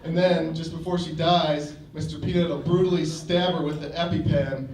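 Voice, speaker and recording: A male standup comedian in a comedy club, telling jokes with a dry, deliberate delivery. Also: a little high, steady tone, darkish tone, far from the mic. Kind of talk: standup routine. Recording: echoey club from afar.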